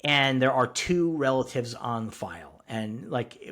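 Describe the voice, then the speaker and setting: A man co-hosting a podcast, retelling a TV episode in a rambling, animated way with laughs and swearing. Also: mid-range voice, measured pace. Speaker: podcast co-host. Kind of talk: casual recap chat.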